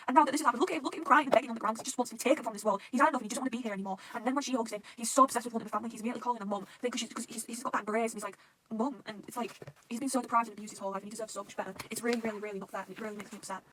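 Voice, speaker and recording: Young woman, excitable fan reaction host. Rapid, bright delivery, acts out quotes. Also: on the high side, a little hiss or hum. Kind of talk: casual fan reaction monologue.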